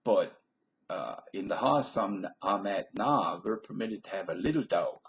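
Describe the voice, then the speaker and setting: This is a man in his fifties with a lowish voice, chatting alone to the camera in a loose, wandering way. He slips between put-on accents for fun, and his talk is full of asides. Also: expressive, a little slow, creaky, a little hiss or hum, poor audio. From Virginia, US South. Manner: chatty and meandering, plays with different put-on accents. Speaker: vlogger. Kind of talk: rambling solo vlog monologue.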